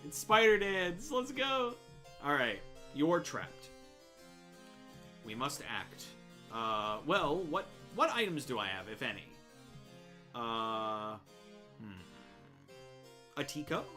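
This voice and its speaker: A woman hosting a let's play, commenting casually and reading game text aloud, full of hesitant fillers with loud swearing outbursts. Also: very deep voice, sing-song, slow, pauses often, soft background music.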